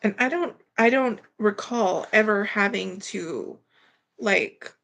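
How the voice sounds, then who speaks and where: A woman hosts her live stream with a gravelly, fry-laden voice at an ordinary middle pitch. She rambles casually, filling pauses with ums, and greets viewers one by one. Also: fairly bright tone. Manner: rambling, filler-heavy, greeting chat viewers.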